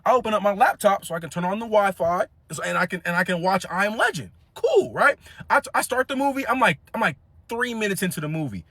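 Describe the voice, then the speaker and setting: A young man telling a funny story in a casual, animated way, laughing often and acting out other people. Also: high voice, fast talker, no room sound.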